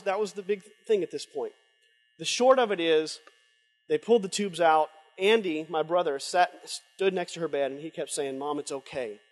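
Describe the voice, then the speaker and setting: A middle-aged man giving a heartfelt personal testimony as a conference speaker, halting, with many restarts and a breaking voice. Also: fairly high pitch. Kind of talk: emotional personal testimony sermon. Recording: long hall reverb.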